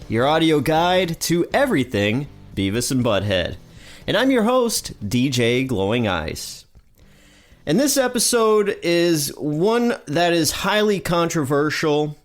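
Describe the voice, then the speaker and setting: A man with a stuffy nose from allergies, hosting a podcast and recapping a cartoon episode in a chatty, upbeat way. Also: on the high side. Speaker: podcast host.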